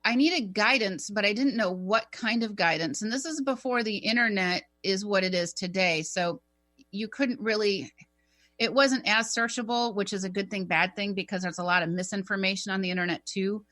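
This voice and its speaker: A woman's voice: mid-range voice, normal speed. A middle-aged woman co-hosting a radio talk show, telling a personal story in a chatty, rambling way. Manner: animated, chatty, rambling with fillers.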